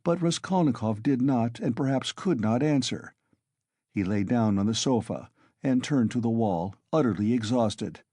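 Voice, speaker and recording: A man narrating a classic novel audiobook in a measured, steady way. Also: mid-range voice, no echo, studio quality. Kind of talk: scripted narration.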